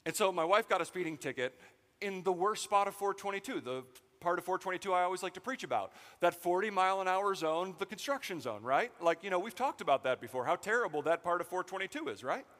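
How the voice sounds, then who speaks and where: Guy pastor preaching, kinda high voice, joking around, echoey church hall. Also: fast talker. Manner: animated, joking storytelling. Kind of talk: sermon.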